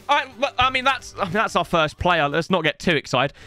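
Young YouTuber, high bright voice, bouncy excitable unboxing chatter. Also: male voice, brisk, few pauses, no echo, soft background music. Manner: excitable, rambling, jokey. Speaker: football gaming YouTuber. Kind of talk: casual unboxing chat to viewers.

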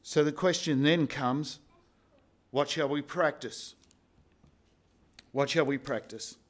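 A man preaching a sermon as pastor, slow and emphatic with repeated phrases. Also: a little high, steady tone. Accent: Australian.

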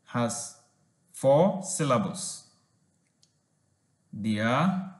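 A man giving a language lesson, reading slowly and sounding out words syllable by syllable. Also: medium pitch, lively intonation, reverberant. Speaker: language teacher.

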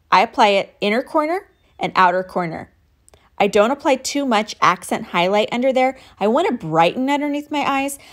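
A woman hosting a makeup tutorial, explaining each step in an upbeat, instructive way as she applies it. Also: medium pitch. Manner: upbeat, instructive, talks while demonstrating.

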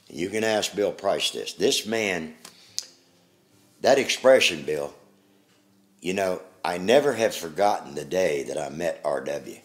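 An older man recounting his memories in an interview, plain-spoken and halting, with pauses and restarts. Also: low-pitched, expressive.

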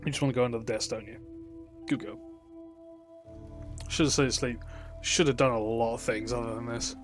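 A man's voice: mid-range voice, fairly even intonation, brisk, faint music behind. A man streaming a video game live, making sarcastic, joking remarks over the game's dialogue. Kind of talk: live gameplay commentary.

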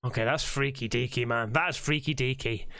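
A man's voice: medium pitch, normal speed, vocal fry, no echo, clean studio sound. A young English man hosting a reaction video, swearing and joking in casual banter. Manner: excitable, swearing, jokey banter.

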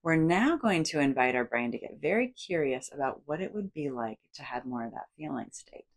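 A woman with a low-pitched voice teaches a guided psychoeducation lesson. Her intonation swoops widely as she acts out the voice of the brain in big, almost cartoonish tones. She speaks as a psychologist guiding the listener through exercises. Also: brisk. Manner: animated, acts out inner voices with big playful inflections. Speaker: psychologist and educator.

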